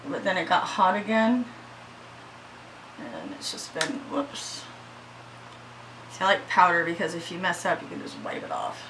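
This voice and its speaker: A woman's voice: medium pitch, background noise. A woman chatting casually through a makeup tutorial at home, shaky and anxious, swearing freely. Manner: chatty, swears freely, yells at her dogs. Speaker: beauty vlogger.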